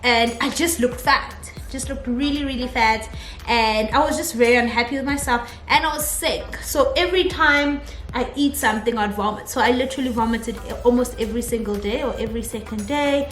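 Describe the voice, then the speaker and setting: A young woman vlogger telling a personal story in a chatty, animated way, often laughing as she talks. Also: on the high side, a little fast, soft background music. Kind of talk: casual storytelling vlog. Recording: echoey room, faint ambient noise.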